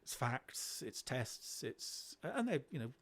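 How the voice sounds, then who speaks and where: A middle-aged man, a podcast guest telling classroom stories in a lively way, often restarting his sentences. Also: medium pitch, slow pace. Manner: animated, acts out children's voices, frequent restarts. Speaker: guest, education speaker. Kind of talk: conversational storytelling.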